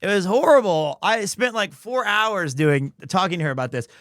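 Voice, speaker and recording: A man streaming, retelling a story in an exasperated, animated chat style. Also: sits high, moderate pace, dry recording, studio quality.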